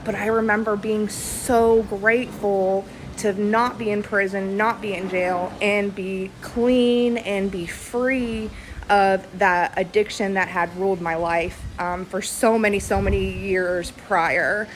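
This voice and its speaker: A woman in her thirties, talking earnestly and haltingly with many pauses and fillers, close to tears. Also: mid-range voice, fairly even intonation, a little hiss or hum, poor audio. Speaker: vlogger. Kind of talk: casual reflective video to friends.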